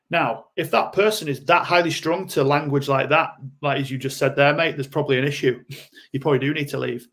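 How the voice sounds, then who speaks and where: A man's voice: fairly high pitch, steady tone, fairly quick, a bit bright. A man speaking as a guest in a podcast interview, explaining ideas bluntly and acting out short quoted lines. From United Kingdom. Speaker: guest coach.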